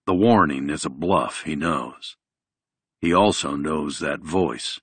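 A man reading a thriller audiobook in a measured, even delivery. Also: extremely low pitch, husky, dry recording. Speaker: audiobook narrator. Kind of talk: scripted audiobook narration.

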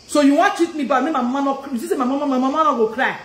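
On a live stream, a Nigerian-accented woman rants confrontationally, her high-pitched voice rapid-fire and reverberant. She keeps repeating her questions and switches languages mid-sentence in this heated outburst.

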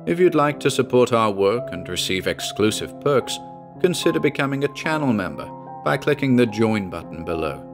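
A low-pitched male narrator reading a classic ghost story aloud. His delivery is measured yet expressive, with a lively, wide-ranging melody. The style is scripted audiobook narration.

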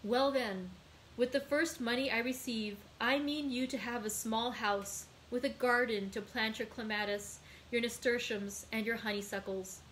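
A woman reading aloud, voicing an earnest, devoted young male sailor with lively emphasis. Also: a little high, normal speed, a little hiss or hum, close to an everyday voice, low-quality recording. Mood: joyful.

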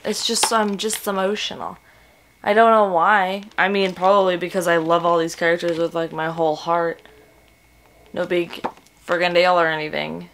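A woman's voice: lowish voice, normal speed, slight background noise. Gushing woman in a chatty book vlog. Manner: gushing and excitable, gasps and breathy whispers. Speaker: book vlogger. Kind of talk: casual vlog chat.

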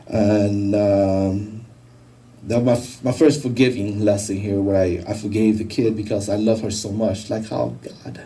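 A man giving a personal testimony, telling his story in a halting, emotional way with many restarts. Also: on the low side, little pitch movement, mellow, recorded from a distance, poor audio. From United States. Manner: halting, repeats words, emotional.

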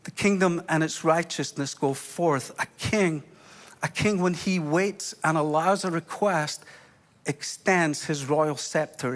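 A Scottish man preaching a sermon as pastor, impassioned, with sudden drops to a hush. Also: a little high. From Scotland.

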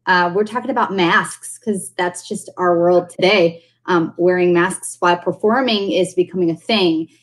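A woman's voice: lowish voice, moderate pace, hardly any pauses. Woman moderator on a video call. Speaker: forum moderator.

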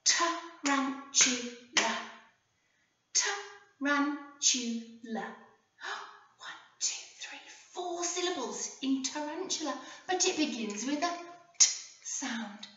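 Animated English teacher, high lively voice. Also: female voice. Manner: animated, sing-song, slow and clear with frequent gasps. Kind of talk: phonics lesson for young children. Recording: echoey room, voice from a distance, dull sound.

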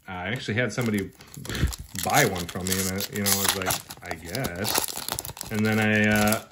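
Excitable man opening card packs. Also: on the low side, fairly quick, very noisy. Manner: excitable, jokey, talks to viewers as brother and man. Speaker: card-opening channel host. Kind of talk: casual unboxing commentary.

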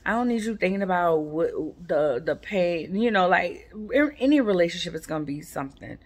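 A woman, chatting casually to her viewers in a rambling, relaxed way with lots of fillers. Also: lowish voice, brisk. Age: 40s. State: sleepy, yawning. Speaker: vlogger. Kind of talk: casual chat to camera.

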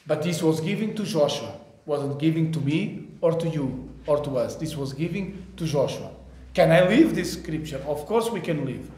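A man preaching a sermon as pastor at a church service, asking rhetorical questions and swinging between hushed and raised delivery. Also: on the high side, expressive, normal speed, echoey room.

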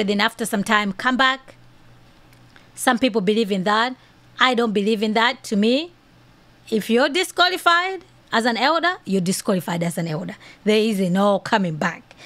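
Woman podcaster sharing her opinion, kinda high voice, lots of you know and okay. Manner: earnest, opinionated, many fillers like "you know". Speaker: podcast host. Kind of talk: commentary podcast.

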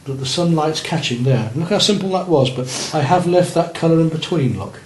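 With a slightly high, a little mellow voice and lively intonation at normal speed, a man teaches beginners to paint. He works while guiding and encouraging the class and checking their pieces. The space sounds roomy, with faint noise.

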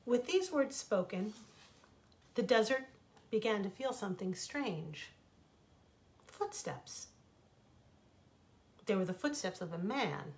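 A woman author reading her own fables aloud, expressive and reflective. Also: mid-range voice, slow pace, long pauses. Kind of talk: storybook reading.

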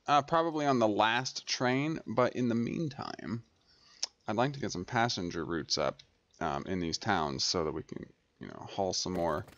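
A man's voice: fairly low pitch, no echo. Rambling man narrating gameplay, dry dull sound. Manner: rambling, thinks aloud, corrects himself. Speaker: gaming channel host. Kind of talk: casual gameplay commentary. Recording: dry, slightly dull home recording.

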